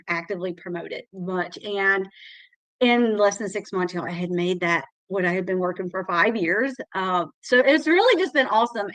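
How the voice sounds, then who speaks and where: A woman's voice: mid-range voice, a bit bright, dry recording, rough recording. Chatty woman, dry sound. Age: middle-aged. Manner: chatty, emotional, says y'all often. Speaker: guest sharing her success story. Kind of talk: casual testimonial on a live call.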